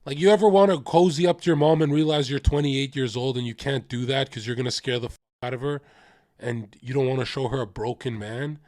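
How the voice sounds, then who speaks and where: A man in his twenties talks straight to his stream chat in a blunt, confessional way and swears freely. His voice sits at a medium pitch. The sound is dry and close, with almost no room echo. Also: fairly even intonation, fairly quick, a little mellow. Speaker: livestreamer. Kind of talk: casual livestream rant.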